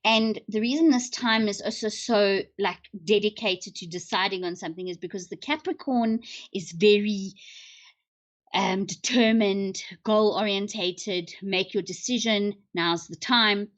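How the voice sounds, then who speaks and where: A woman's voice: mid-range voice, a little slow. A woman hosting a casual livestream about astrology, chatting in a rambling way and answering viewer comments as she goes. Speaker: livestream host.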